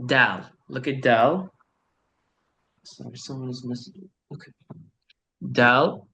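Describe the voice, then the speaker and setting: A man's voice: mid-range voice, a little slow, sharp tone. A man teaching a beginner Arabic lesson over a video call, patiently repeating each word and explaining the sounds. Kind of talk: online beginner language lesson.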